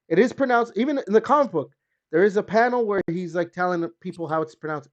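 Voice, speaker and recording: On his gaming podcast, the host talks a little fast and expressively, rambling casually and hedging with plenty of fillers as his pitch rises and dips. A slightly dull lo-fi recording captures him.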